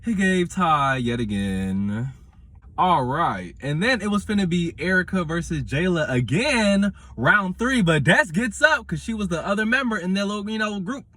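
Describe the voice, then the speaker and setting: A man, reviewing a reality show in casual commentary with animated, dramatic retelling. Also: sits high, moderate pace.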